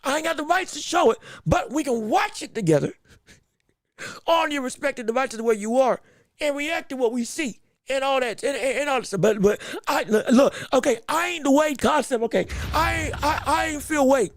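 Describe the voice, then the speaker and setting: Man, podcast host, casual boxing talk, excitable, stumbles over repeated words, dry close sound. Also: very high voice, normal speed, no echo. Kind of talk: casual live-stream commentary.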